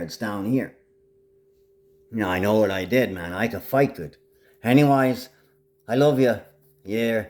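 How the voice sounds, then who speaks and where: A man with a lowish voice talks to the camera in a loose, rambling monologue, swearing freely as he goes. He often sinks to a quiet mutter, then breaks into loud, high-pitched outbursts.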